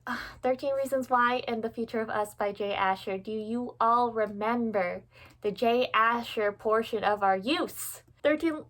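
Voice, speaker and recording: A young woman in her twenties chats at home about her books, her voice sitting a little high. She is candid and self-mocking, laughs often and lets the odd swear slip. It is recorded on her phone beside her shelves. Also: unhurried, a bit bright. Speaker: book vlogger. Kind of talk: casual chatty vlog. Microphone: phone camera.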